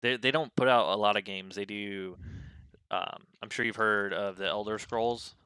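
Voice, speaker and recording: A man co-hosting a podcast in casual chat, laid-back and often trailing off quietly. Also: on the low side, fairly even intonation, moderate pace, clean tone, no echo. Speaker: podcast co-host. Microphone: podcast studio mic.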